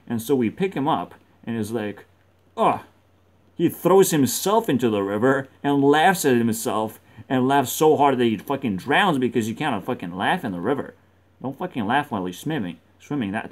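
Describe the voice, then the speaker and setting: A man rambling through gameplay commentary, swearing constantly and joking as he goes. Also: medium pitch. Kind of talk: rambling let's-play commentary.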